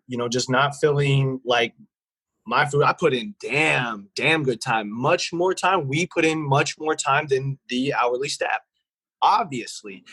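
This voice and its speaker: Man, 30s, podcast co-host, husky slightly higher voice, dry close sound, lively storyteller. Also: dry recording, poor audio. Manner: animated storyteller, acts out voices of staff and callers. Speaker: podcast co-host, restaurant manager. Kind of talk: casual chat.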